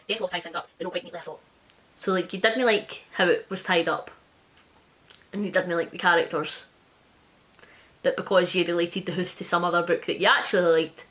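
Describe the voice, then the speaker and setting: In her casual book vlog, a woman with a lowish voice is blunt, sarcastic and full of swearing. She reads out quoted reviews fast and under her breath.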